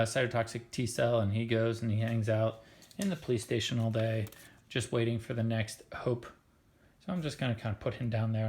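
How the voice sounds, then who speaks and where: A man's voice: mid-range voice, a little mellow. A man explaining a biology lesson in a chatty, playful way, with plenty of filler words. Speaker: science teacher.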